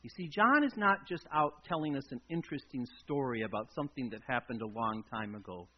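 A man preaching a sermon as a pastor, telling the story dramatically and swinging between loud emphasis and a near-hush. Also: mid-range voice, lively intonation, brisk, husky. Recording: dull lo-fi recording.

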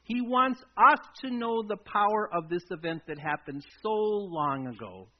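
A man preaches a sermon in a high, light voice. He tells the story with drama, swinging between loud emphasis and hushed, intimate lines. The recording sounds dull and lo-fi. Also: expressive, a little slow. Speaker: pastor.

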